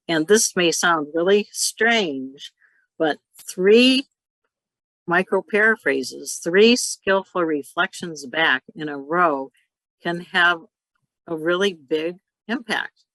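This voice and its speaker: Bright-voiced woman instructor, dry sound. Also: on the low side, slow pace, no room sound, low-quality recording. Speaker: workshop instructor. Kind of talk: online workshop teaching. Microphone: video call.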